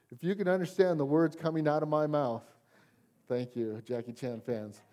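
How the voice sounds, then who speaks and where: Guy preaching in church, kinda high voice, warm and mellow, keeps asking amen. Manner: conversational, asks congregation "Amen?". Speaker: pastor. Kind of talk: sermon. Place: church sanctuary.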